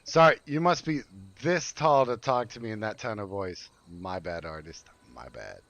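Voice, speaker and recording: A man's voice: on the low side, expressive, moderate pace, fairly bright tone, no room sound, muffled recording. A man streaming a game, chatting and teasing his viewers in a joking, casual way.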